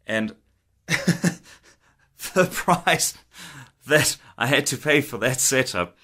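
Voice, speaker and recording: A man's voice: mid-range voice, animated, extremely slow, sharp tone. A man in his thirties, a guitar technician, casually telling a story to camera. He is chatty, laughs often and acts out old conversations.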